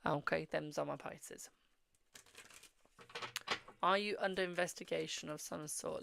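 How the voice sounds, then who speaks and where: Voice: mid-range voice, fairly even intonation, unhurried, vocal fry, pauses often, background noise. A host reading tarot on a live stream, answering viewers' questions, calling them "my darling" and murmuring while drawing cards. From England.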